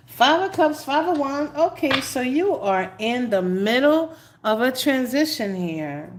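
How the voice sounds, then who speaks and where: Animated New woman telling stories. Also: high-pitched, unhurried, background noise. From New York. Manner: animated storyteller, laughs often, dramatic asides. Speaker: tarot reader. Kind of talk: casual live-stream chat.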